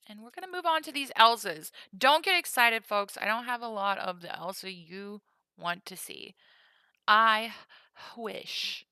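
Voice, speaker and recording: Chatty woman streamer, playful, bright voice, dry close sound. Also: on the high side, animated, takes it slowly, smooth, dry recording. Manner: chatty and playful, whispers while counting cards. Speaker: streamer cataloging trading cards. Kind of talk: casual live-stream chat.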